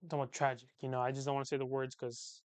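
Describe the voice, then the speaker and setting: A man's voice: medium pitch, level tone, rapid-fire, clean tone, no echo. A young man hosting a livestream, chatting casually with viewers in a rambling, slangy way and repeating his phrases. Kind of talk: casual chat.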